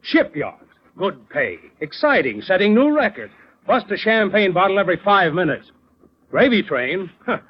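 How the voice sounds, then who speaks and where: An actor playing Mr. Evans, a principled insurance company owner who lectures sternly and sarcastically in a 1940s radio drama. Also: male voice, high-pitched, sing-song, moderate pace. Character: Mr. Evans, a gruff, principled male boss. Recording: dull lo-fi old radio recording.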